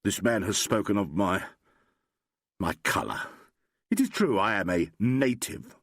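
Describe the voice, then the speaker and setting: A man's voice: on the low side, sing-song, a little slow, a bit bright, no room sound, studio quality, exaggerated voice. A man voicing a proud, formal male doctor who speaks in stiff, precise sentences. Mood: solemn.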